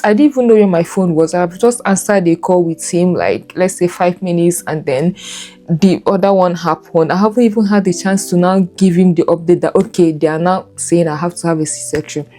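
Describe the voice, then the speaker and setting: Earnest woman, mellow voice. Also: fairly low pitch. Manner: earnest, emotional, repeats herself while recalling. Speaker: new mother telling her birth story. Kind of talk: candid personal storytelling.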